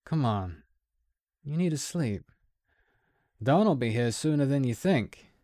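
A man's voice: medium pitch, lively intonation, slow pace, warm tone, dry recording, clean studio sound, pitched above the performer's own voice. A man voicing a young male soldier who is a loyal, worried friend, urging and coaxing. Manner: urgent, coaxing.

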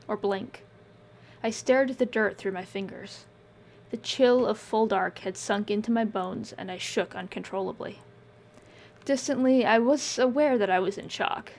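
A woman reading first-person scripted fiction in a measured, subdued way. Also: medium pitch, darkish tone, slight background noise. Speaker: audiobook narrator.

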